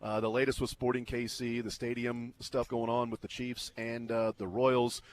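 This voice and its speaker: A man's voice: medium pitch, little pitch movement, normal speed, a little hiss or hum. A middle-aged man hosting a sports radio show. He tells a loose story in a casual way and fills it with lots of ums and uhs. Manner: rambling, filler-heavy, laughs through his stories.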